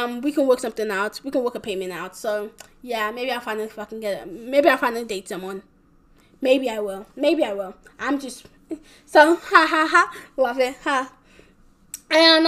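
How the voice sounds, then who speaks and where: A woman's voice: sits high, a bit bright. A young woman rambling casually in a vlog, packing her talk with fillers and swearing a lot. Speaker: vlogger.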